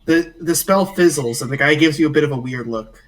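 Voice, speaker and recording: A man narrates a tabletop game as game master, easygoing and full of little fillers. His voice sits a bit high for a man and sounds slightly away from the mic. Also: fairly quick, far from the mic, poor audio. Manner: relaxed, filler-heavy narration.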